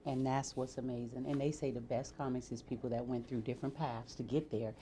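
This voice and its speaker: A woman's voice: very deep voice, fairly even intonation, fairly quick, dark tone, a little hiss or hum. A woman who is a guest on a talk show, chatting casually, encouraging the host and laughing often. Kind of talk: casual interview chat.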